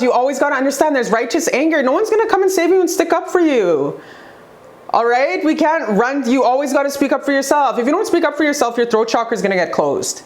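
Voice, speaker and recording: A young woman with a somewhat high voice speaks straight to her viewers in a spiritual motivational vlog. She is forceful and preachy, and she drives her points home by repeating them. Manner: emphatic, preachy, repeats phrases for effect; forceful, says she talks aggressively. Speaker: vlogger.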